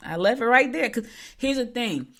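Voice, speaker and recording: A woman's voice: a little high, animated, moderate pace, a bit bright. A middle-aged woman hosting a local show, telling stories in a rambling, chatty way. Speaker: local radio show host. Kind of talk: casual chat.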